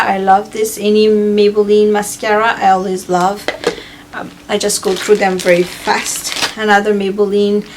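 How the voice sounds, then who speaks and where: A woman's voice: medium pitch, a little hiss or hum. A woman vlogger chatting casually through a review of used-up beauty products, with frequent fillers and repeated words. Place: home in Hawaii.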